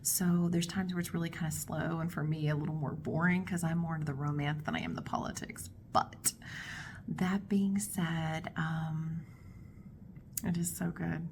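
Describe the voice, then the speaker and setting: A woman's voice: deep voice, vocal fry, a little mellow, slight background noise. A woman hosting her own book vlog, chatting casually and expressively as she gushes about her reading. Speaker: book vlogger host.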